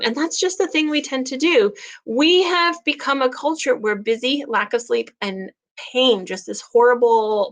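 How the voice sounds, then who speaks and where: A middle-aged woman talks casually to her viewers in a fairly high voice. She is chatty and expressive and slips into little quoted voices to make her points. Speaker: host. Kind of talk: casual talk to camera.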